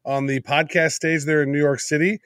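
A man's voice: a little high, little pitch movement, a bit bright, dry recording, studio quality. A man guesting on a podcast, talking casually and teasing his co-host as he tells of upcoming trips. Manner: quick, teasing storyteller.

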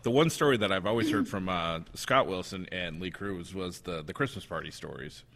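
A man's voice: low voice, brisk, creaky, a bit bright, big-room sound. A man hosting a casual chat, laughing as he retells a favorite story. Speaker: podcast host.

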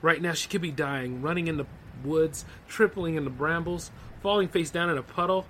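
A rough recording with a little hiss or hum captures a podcast host reading a horror story at normal speed. His voice is a little high, bright, and forceful, and he breaks off for chatty, loose remarks packed with "like" and "man."

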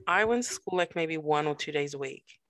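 A young woman co-hosting a podcast, chatting casually with quick reactions, frequent laughter and casual swearing. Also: low voice, animated, fairly bright tone, no room sound. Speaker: podcast co-host. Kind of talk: casual chat.

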